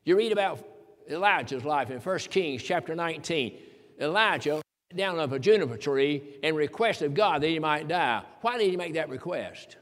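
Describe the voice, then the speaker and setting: In a slightly high, animated, fairly bright voice, a man preaches at a moderate pace. His folksy, emphatic sermon includes King James scripture quotes, and the recording carries a long hall reverb.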